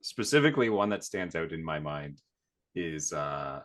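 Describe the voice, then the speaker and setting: A man from Canada co-hosting a gaming podcast, retelling a game in a measured, dry way. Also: rumbling low, very animated, a bit bright. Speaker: podcast co-host. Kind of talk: casual gaming podcast chat.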